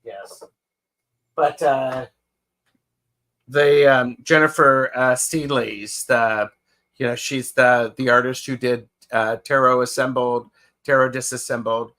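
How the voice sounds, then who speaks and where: A man's voice: mid-range voice, steady tone, slow pace, pushed and bright. A man co-hosting a live tarot show, chatting casually and reading out viewer comments. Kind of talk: casual chat on a live stream.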